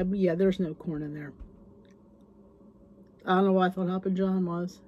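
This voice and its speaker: A woman with a mid-range, darkish voice and a breathy edge hosts her cooking channel, reviewing a cookbook. She chats casually, reading recipe names aloud and gushing over the food, sometimes slipping into a whisper.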